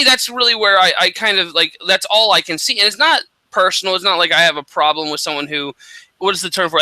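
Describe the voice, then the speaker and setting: A man co-hosting a casual radio talk show, speaking in a halting way with many restarts and fillers. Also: high-pitched, sharp tone, no room sound, low-quality recording. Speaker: podcast co-host. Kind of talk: casual chat.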